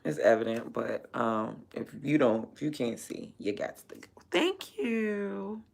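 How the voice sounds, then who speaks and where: A woman's voice: rumbling low, normal speed, vocal fry, darkish tone. A woman livestreaming while she works, chatting bluntly and profanely with viewers and laughing often. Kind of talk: casual livestream chat.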